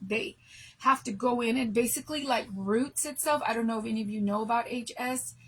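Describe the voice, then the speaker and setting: An exhausted middle-aged woman chats live with her viewers, her voice pitched a touch high and husky. She rambles emotionally and keeps restarting her sentences. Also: brisk, fairly bright tone, low-quality recording. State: exhausted from no sleep. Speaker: craft channel host. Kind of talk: casual live chat to viewers.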